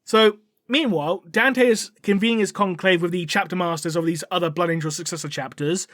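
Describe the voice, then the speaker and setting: A man's voice: sits high, brisk, fairly bright tone, dry recording, studio quality. A male podcast co-host casually retelling a novel's plot, swearing, laughing and using many fillers.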